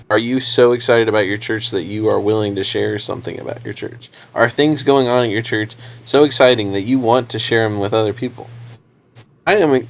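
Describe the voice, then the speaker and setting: A young adult man, a preacher co-hosting a podcast, chatting casually in a rambling way, repeating words and laughing often. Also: lowish voice.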